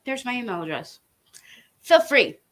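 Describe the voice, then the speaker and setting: An online commentator rants angrily and profanely straight to camera, making threats and hammering home her points. Her voice sits on the high side with a sing-song lilt, an unhurried pace, and a fairly bright tone.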